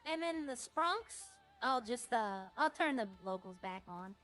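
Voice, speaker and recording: Woman streamer rambling to chat, kinda high voice, dry sound, faint music behind. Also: lively intonation, unhurried, fairly bright tone, no echo. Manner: chatty, rambling, jokey. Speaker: roleplay streamer.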